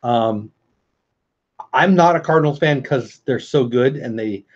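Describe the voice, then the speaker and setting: Husky-voiced man chatting on a livestream. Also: mid-range voice, measured pace. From California. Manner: chatty, rambling, warmly greets viewers by name. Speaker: livestream host. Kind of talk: casual livestream chat reading viewer comments. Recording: slightly dull lo-fi stream audio.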